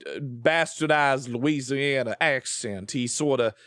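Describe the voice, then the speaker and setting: A man putting on a slow, courtly, exaggerated Southern drawl to play a genteel male detective. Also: medium pitch, a bit bright, no echo, clean studio sound.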